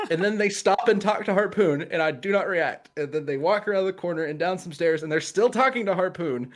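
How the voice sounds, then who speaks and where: A man's voice: sits high, a little fast. A man, a guest cosplayer on a livestream, telling a casual story with laughs and quoted voices over a video call.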